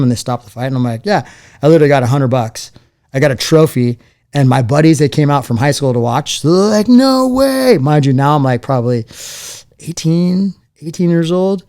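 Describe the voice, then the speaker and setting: A man tells his story loosely and casually as a guest. He plays out the voices of the people in his stories, and his pitch rises and falls as he does. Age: 40s. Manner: animated storyteller acting out quoted voices. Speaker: interview guest, former fighter.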